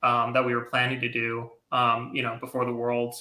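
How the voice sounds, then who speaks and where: A young adult man, a comic artist, answering interview questions in an earnest, hesitant way with many pauses and ums. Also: mid-range voice, completely flat delivery, bright, forceful tone, reverberant.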